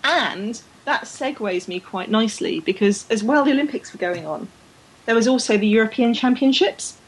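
A woman's voice: on the high side, lively intonation, moderate pace, poor audio. A woman co-hosting a podcast in casual chat, chatty and laughing easily, sometimes stumbling over names. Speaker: podcast co-host.

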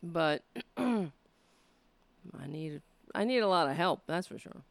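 A woman hosting her own show, rambling and rallying her supporters with a hoarse, cracking voice. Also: lowish voice, lively intonation, slow, dry recording. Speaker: livestream show host. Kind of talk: casual livestream chat.

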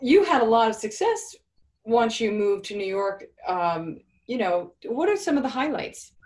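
A woman's voice: on the high side, sing-song, normal speed, darkish tone. A woman hosting a casual interview, encouraging and complimentary toward her guest. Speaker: podcast host.

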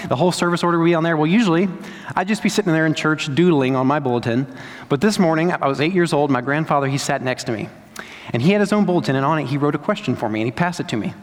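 Young man, pastor, chatty storytelling sermon, slightly high voice, reverb of a big hall. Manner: conversational storytelling preacher, lively asides.

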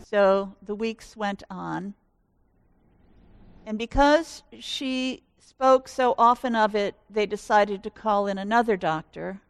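A woman pastor giving a sermon in slow, measured storytelling. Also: mid-range voice, clean tone, dry recording.

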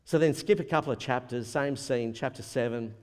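A man preaching a sermon as a pastor, animated and acting out the voices he quotes. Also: mid-range voice, a little fast. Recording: long hall reverb.

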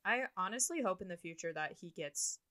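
Lively bright-voiced woman podcaster. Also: lowish voice. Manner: chatty, quick asides and commentary. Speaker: podcast co-host. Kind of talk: casual podcast chat.

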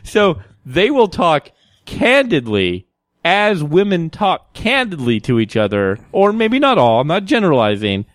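A man's voice: a little high, wildly swooping pitch, measured pace, no room sound, clean studio sound. A young man in casual chat, telling a long story in bursts with many fillers and frequent laughs.

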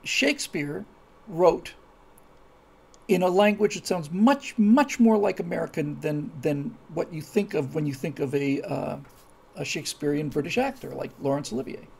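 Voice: medium pitch, moderate pace, creaky, slightly rough. A host of an online video show talking casually, with many fillers and restarts, who builds into emphatic speech. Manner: grows animated and emphatic. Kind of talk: casual spoken commentary.

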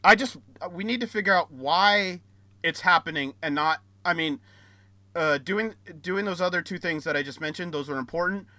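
Bright-toned, dry-miked man. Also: on the high side, moderate pace, no room sound. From United States. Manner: rambling, repeats himself, hesitant fillers. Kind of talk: casual debate chat.

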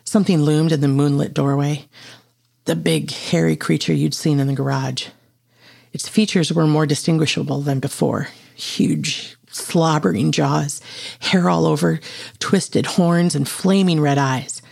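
A man narrating a second-person horror story in a hushed, tense way. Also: on the high side, fairly even intonation, a little slow, creaky.

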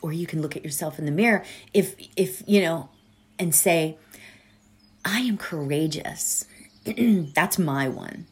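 Speaking at a measured pace in a low, husky voice, a middle-aged woman chats on her podcast with many fillers and asides. The casual, warm talk comes before she leads a meditation.

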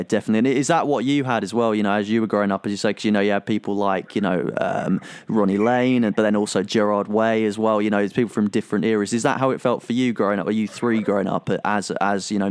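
A man's voice: lowish voice, steady tone, quick pace, few pauses, dry recording. A man hosting an interview, asking long, wandering questions in a casual chat. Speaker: interviewer, host.

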